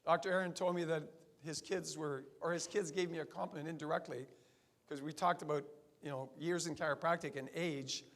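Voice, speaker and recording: A man's voice: on the high side, steady tone, a little fast, a bit bright. Emphatic man in his sixties. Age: 60s. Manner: emphatic, asks the audience rhetorical questions. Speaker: chiropractor addressing fellow chiropractors. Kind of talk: seminar talk.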